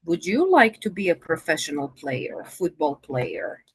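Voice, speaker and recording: A woman's voice: low voice, very animated, unhurried, slightly rough, dry recording. A woman teaching English in a video-call conversation lesson, patient and encouraging.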